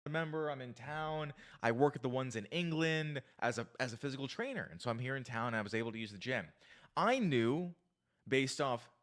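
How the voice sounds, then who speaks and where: A man's voice: medium pitch, a little fast. A man giving dating advice through an eager story, acting out the dialogue. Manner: eager, animated, acts out dialogue.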